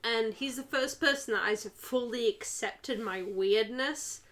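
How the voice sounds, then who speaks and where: A Yorkshire woman chatting loosely on a stream, her voice sitting a little higher than most. She swears a lot and trails off into fillers as she rambles. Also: a little slow, fairly bright tone. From northern England. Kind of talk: casual stream chat.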